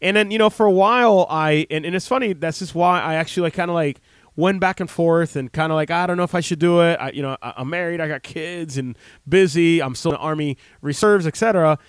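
A man in his thirties hosts a radio talk show from the studio. His talk is casual and rambling, full of fillers and restarts. His voice sits a little high for a man, and the close mic sounds very dry. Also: brisk, clean tone, dry recording. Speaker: chiropractor radio host.

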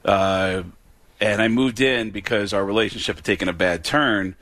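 A man's voice: fairly low pitch, moderate pace, fairly bright tone, no room sound. A man, a comedian guest, telling stories in a rambling, stammering way and laughing mid-story. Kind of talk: casual storytelling chat.

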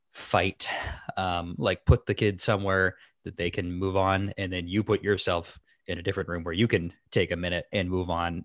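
A man co-hosting a casual parenting chat, lively and acting out little quoted lines. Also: low-pitched, dry recording, studio quality. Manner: animated, acts out little quoted voices. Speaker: podcast co-host and parent.

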